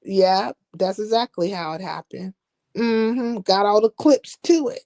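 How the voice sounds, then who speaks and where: A woman's voice: mid-range voice, a little slow, darkish tone. A woman chatting on a live stream in blunt, slangy, profane trash talk. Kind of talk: casual chat.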